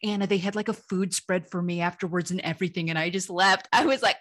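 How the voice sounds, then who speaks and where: A woman humor writer telling funny personal stories as an interview guest, lively and laughing, her voice jumping up when she reaches the punchlines. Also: medium pitch, quick pace, hardly any pauses. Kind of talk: animated storytelling in an interview.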